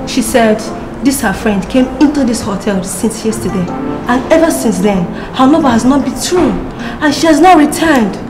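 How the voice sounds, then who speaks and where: An actress with a Nigerian accent playing a polite, formal hotel receptionist. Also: female voice, on the high side, expressive, moderate pace, lightly acted. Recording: echoey room with music.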